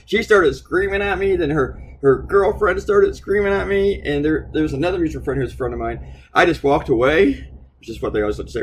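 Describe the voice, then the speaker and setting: Animated rambling male cartoonist. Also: on the high side, fast, a little hiss or hum. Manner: rambling, animated storytelling with frequent fillers and swearing. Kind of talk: casual chatty video diary.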